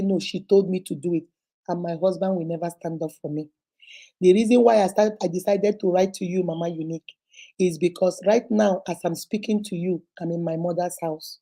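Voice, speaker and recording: A woman's voice: fairly low pitch, dark tone. A woman reading a listener's letter aloud on her relationship advice show, telling it dramatically and acting out the voices in it.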